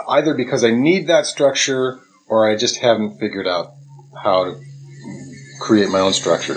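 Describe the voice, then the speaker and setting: Low-voiced man rambling with ums. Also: fairly bright tone, rough recording. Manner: rambling, hums tunes, hesitant with ums. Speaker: podcast co-host. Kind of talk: casual chat.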